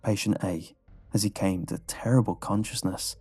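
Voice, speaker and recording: A man giving scripted horror narration in a low, measured storytelling manner. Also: dark tone, breathy edge, dry recording. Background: faint background music.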